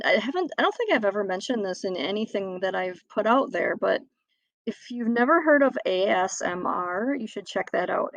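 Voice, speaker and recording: A woman's voice: mid-range voice, creaky, no echo, dull audio. A woman hosting her own podcast, talking casually in a rambling, chatty way with frequent small laughs and self-corrections. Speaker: podcast host. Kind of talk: casual solo podcast talk.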